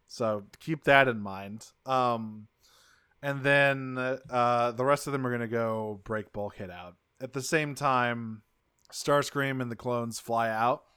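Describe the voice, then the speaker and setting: Smooth-voiced man, casual podcast co-host. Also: medium pitch, takes it slowly, pushed and bright, no echo, studio quality. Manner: loose, swears often, laughs while talking. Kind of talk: casual recap chat.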